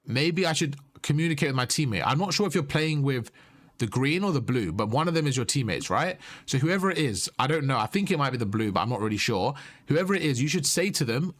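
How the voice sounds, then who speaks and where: A man's voice: medium pitch, expressive, fast. A man coaching a player over their gameplay footage, explaining positions and repeating his key points. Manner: instructive, repeats key points, asks "you see?".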